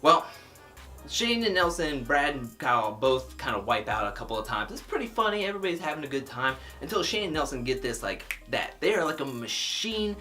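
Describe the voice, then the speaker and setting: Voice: medium pitch, very animated, brisk, bright, forceful tone, faint music behind. A vlogger giving a casual, opinionated recap of a reality show episode, talking freely with lots of "like" fillers.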